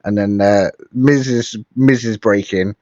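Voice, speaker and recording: A man's voice: on the low side, fairly even intonation, measured pace, a little mellow, dry recording. Laughing man in slightly muffled, dry audio. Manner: laughs often, acts out quotes. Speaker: podcast co-host. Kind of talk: casual wrestling chat.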